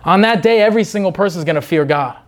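Preaching without a script in a high-pitched voice, a man is fervent and repetitive. He breaks into quick voices of the people he describes.

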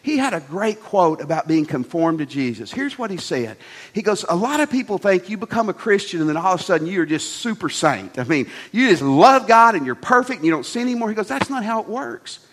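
A middle-aged man, preaching a sermon with animated, folksy storytelling and repeated phrases. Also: sits high, fairly quick. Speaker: pastor.

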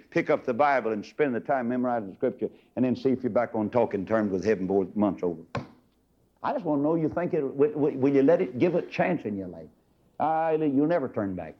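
Lively old-time preacher man, lo-fi tape. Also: a little fast. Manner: swings from booming to low and confiding, folksy asides. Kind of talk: fiery sermon.

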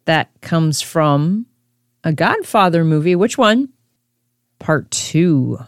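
Lively low-voiced woman podcast host. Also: takes it slowly, dry recording, studio quality. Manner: chatty, talks straight to the listener. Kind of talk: casual quiz podcast chat.

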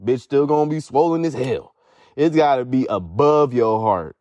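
A man's voice: medium pitch, normal speed, warm tone, no echo, dull audio. A young man hosting a podcast alone, talking casually in a rambling, profane way while in pain from a foot injury. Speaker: podcast host. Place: sitting outdoors at home.

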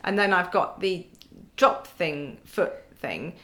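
A woman's voice: on the low side, animated, takes it slowly, bright, forceful tone. A woman in her forties chatting as a podcast guest, wry and self-mocking, often laughing as she talks. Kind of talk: casual chat.

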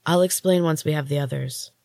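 A woman reading the lines of a calm, steady young woman who speaks in an even tone, in a storybook reading. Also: low-pitched, brisk, gravelly, dry recording, clean studio sound.

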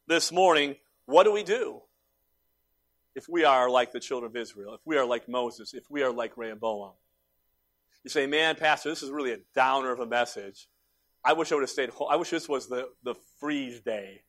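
A male pastor preaching a sermon, swinging between loud emphatic calls and quiet low asides, acting out the voices he quotes. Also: moderate pace, no echo.

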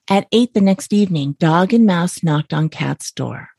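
A woman with a somewhat low voice reads a bedtime story in a calm, even way. She sits close to the mic in a dry space with no room sound. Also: normal speed, gravelly, husky, no room sound.

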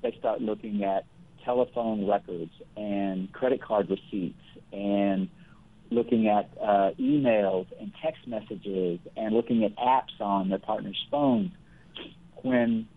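A man speaking as the guest counselor in a conversational interview, explaining things earnestly and in a measured way, with everyday examples. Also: fairly low pitch, expressive, vocal fry. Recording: phone-like thin line.

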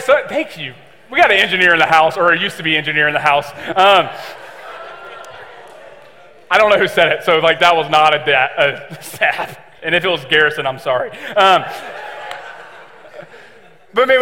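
Young male preacher, high bright voice, chatty and joking, echoing hall. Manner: chatty, joking, lots of fillers. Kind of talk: casual sermon. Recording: long reverb of a hall.

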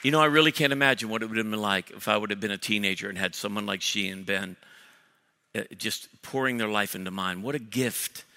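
Energetic pastor in a big echoing hall. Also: male voice, lowish voice, brisk. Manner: energetic, joking, frequent restarts. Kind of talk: sermon announcements. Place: large church auditorium. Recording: long church hall reverb.

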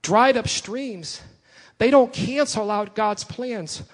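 A man's voice: very high-pitched, slow pace, in a large hall. A man pastor preaching a sermon, repeating key lines and building emphasis.

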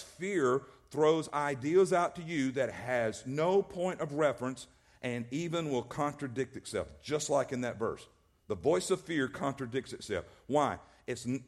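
Man preaching an emphatic sermon. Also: fairly high pitch. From American South. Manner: emphatic, repetitive preaching with many restarts. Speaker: pastor.

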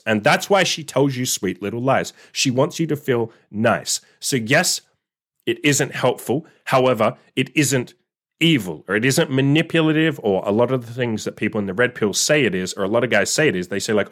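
A man's voice: medium pitch, lively intonation, moderate pace, a bit bright. A young man giving blunt, casual dating advice in a solo monologue, swearing freely and acting out what others would say. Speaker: dating coach.

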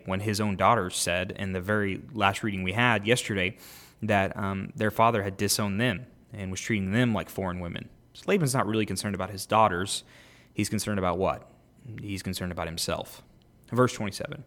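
A man reads scripture aloud on his podcast in a fairly low voice. Every so often he breaks off to comment in a relaxed, self-correcting way before picking the reading back up. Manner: casual, self-correcting, reads aloud then pauses to explain. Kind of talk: unscripted Bible reading with commentary.

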